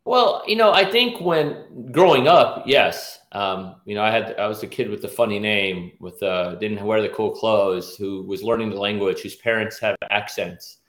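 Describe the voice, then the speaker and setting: A middle-aged man from Nashville in the US South speaks in a lowish, fairly bright voice at normal speed with few pauses, in a reverberant recording. He's an orthopedic surgeon and task force chair interviewed as a guest, and his conversation is full of restarts and fillers.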